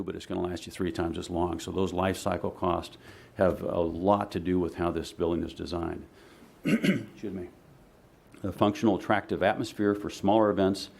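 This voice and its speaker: A man giving a measured, explanatory presentation to a city commission in a meeting chamber, often pausing on "uh". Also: deep voice, creaky, darkish tone. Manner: measured and explanatory, with frequent "uh" fillers.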